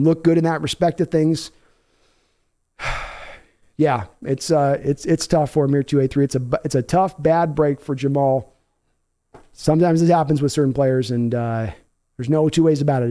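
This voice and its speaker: Brief: live stream host, tired fading voice, analytical, mellow tone, a bit high. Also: male voice. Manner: analytical, reads donor comments aloud. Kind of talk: live sports reaction commentary.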